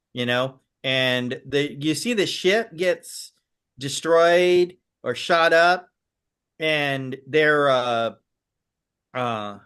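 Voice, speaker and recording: Man, podcast guest, casual chat, eager rambling storyteller, bright tone, slightly high voice. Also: clear, resonant tone. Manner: eager, rambling storyteller who acts out quoted lines.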